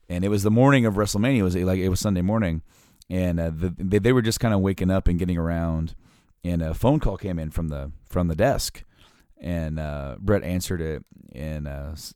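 Guy rambling through stories, lots of uhs and restarts, lowish voice, dry close sound. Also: darkish tone, clear, resonant tone, no echo. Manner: rambling, halting, many fillers. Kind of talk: casual storytelling chat.

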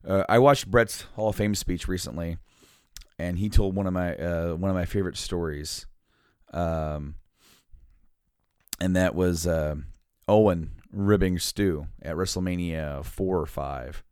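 A man with a lowish voice tells stories in a casual chat, halting and rambling with many fillers and restarts. The sound is dry and close to the mic. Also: clear, resonant tone, no echo.

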